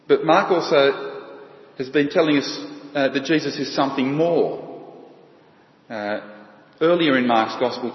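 Male preacher, halting and repetitive delivery, long-reverb hall, dull lo-fi sound. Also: medium pitch. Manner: halting, repeats words and restarts. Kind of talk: sermon.

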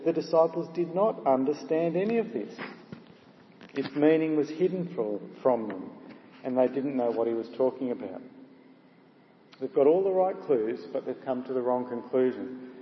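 A man's voice: mid-range voice, animated, moderate pace, slight background noise. A man preaching a sermon in a conversational, storytelling way, with frequent filler sounds. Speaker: pastor. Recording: echoey hall, dull lo-fi sound.

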